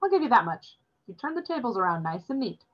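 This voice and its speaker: A woman's voice: fairly high pitch, big pitch swings, fast, voice pushed up. Stubborn bossy american girl, teasing and sure of herself, woman reading, kinda dull recording. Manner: teasing, confident.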